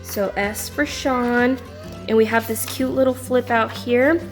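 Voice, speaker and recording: A woman's voice: on the high side, fairly even intonation, a little slow, soft background music. A woman casually chatting through a craft journal flip-through, bubbly and often laughing as she tells a little story. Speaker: craft video creator.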